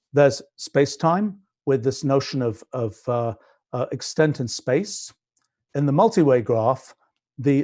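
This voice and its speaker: A man's voice: medium pitch, a little mellow. A British man in his sixties, a scientist explaining his physics project in a livestream, thinking aloud with many restarts and fillers. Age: 60s.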